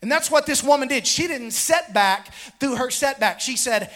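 A man preaching a sermon to a congregation, with rhythmic repetition that builds to fervent shouts. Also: extremely high pitch, animated, normal speed, hardly any pauses, soft background music. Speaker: pastor. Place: church sanctuary with congregation.

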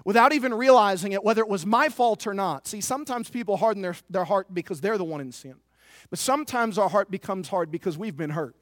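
A man's voice: high-pitched, fast, no room sound, clean studio sound. A man preaching a sermon as pastor, earnest and confessional, often repeating a word as he goes.

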